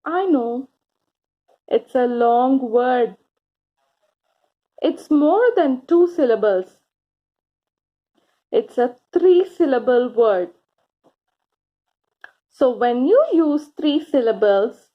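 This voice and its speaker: Slow, high-voiced woman teaching children. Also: lively intonation, muffled recording. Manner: slow, encouraging, drawn-out words with pauses for answers. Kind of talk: grammar lesson for children.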